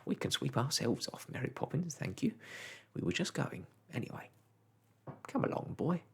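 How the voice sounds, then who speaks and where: Whispered role-play, reader doing a cocky old storybook starling, rude and jeering, husky. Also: medium pitch, very animated, normal speed, pitched above the performer's own voice, exaggerated voice. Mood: gruff. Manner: jeering, taunting.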